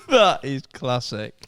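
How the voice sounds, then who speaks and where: A man's voice: medium pitch, a bit bright. A man hosting a podcast, chatting casually and reacting briefly to his guest. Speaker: podcast host. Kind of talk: casual interview chat.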